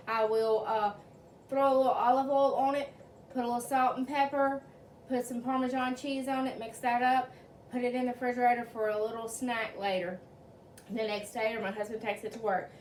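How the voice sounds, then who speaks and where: A woman's voice: on the high side, slight background noise. A woman hosting her own cooking channel, talking viewers through a recipe in a chatty, homey way with plenty of fillers, recorded in her home kitchen. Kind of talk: casual cooking demonstration. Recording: roomy, distant sound.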